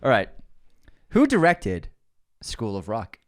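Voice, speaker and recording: Laughing, lively man co-host. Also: lowish voice, slow. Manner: laughs often, teasing banter. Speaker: podcast co-host. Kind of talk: casual chat.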